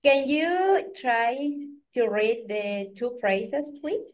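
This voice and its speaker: High-voiced woman teaching, slow and patient. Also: animated. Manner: patient, prompting students by name. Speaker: Spanish teacher. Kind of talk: live online class, coaching students. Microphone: video call. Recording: dull lo-fi video call audio.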